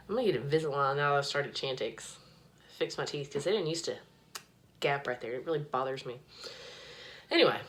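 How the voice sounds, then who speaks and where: A woman's voice: low-pitched, fairly bright tone. A woman rambling profanely in a casual chat to her phone camera from a small home bathroom, filling her talk with "like". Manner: rambling, profane, heavy use of "like". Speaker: vlogger. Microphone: phone held in hand.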